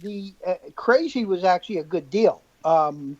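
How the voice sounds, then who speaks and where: A man, a comic writer being interviewed, answering in a hesitant, measured way. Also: sits high, lively intonation, mellow. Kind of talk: casual interview. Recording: lo-fi, dry remote audio.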